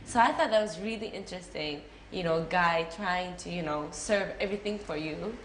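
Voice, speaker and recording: A young Japanese-accented actress speaks a little fast in a fairly low-pitched voice while answering interview questions. The exchange is casual and chatty, loaded with fillers and giggles, and the room is echoey with faint noise.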